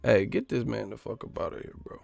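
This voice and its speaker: A man's voice: on the low side, animated, fairly quick, vocal fry, a little mellow, no room sound, soft background music. A man hosting a boxing live stream, ranting in a profane, mocking, repetitive way.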